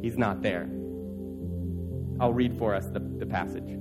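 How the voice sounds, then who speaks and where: A pastor preaching a sermon in an earnest, urging way, building through repeated phrases. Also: male voice, fairly low pitch, unhurried, over loud music.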